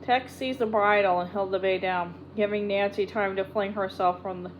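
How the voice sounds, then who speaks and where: A woman narrating an audiobook in a steady, even reading voice. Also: medium pitch, normal speed, muffled recording, slight background noise. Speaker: audiobook reader. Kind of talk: storybook narration.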